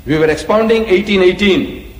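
A man lecturing on religion to a hall, his fairly high voice ringing out with long reverb. He talks in an animated, rhetorical way, with chuckles and teasing asides. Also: moderate pace.

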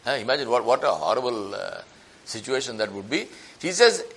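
A man preaching a sermon as a story, acting out the people in it with lively shifts of voice. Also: a little fast, husky. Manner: animated, acts out quoted voices with rising pitch.

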